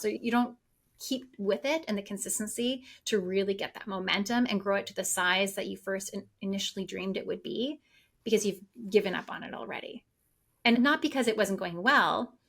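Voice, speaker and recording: Gravelly-voiced woman coach chatting eagerly. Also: mid-range voice. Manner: excited, talks on at length. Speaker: podcast guest, business coach. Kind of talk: casual podcast conversation.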